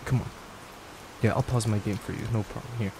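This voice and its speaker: A young man in a whispered role-play as a boyfriend, gentle, affectionate and reassuring, speaking into a desk microphone at home. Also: lowish voice, steady tone, fairly quick, creaky, background noise. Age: young adult. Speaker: ASMR creator. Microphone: desk microphone at a gaming setup.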